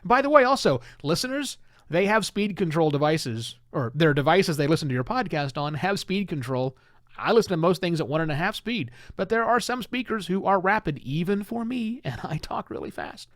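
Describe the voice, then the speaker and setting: A man hosting a solo podcast, talking in an animated, emphatic and conversational way. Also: high-pitched, moderate pace, no echo, clean studio sound. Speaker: podcast host.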